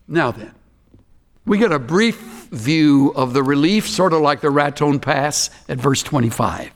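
A man preaching an expository sermon, emphatic and slowing down to stress key phrases. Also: on the high side, sing-song, in a large hall.

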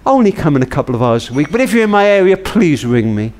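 A man voicing a kindly, elderly female telephone operator who speaks gently and affectionately. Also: low-pitched, very animated, quick pace, pitched below the performer's own voice. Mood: tender.

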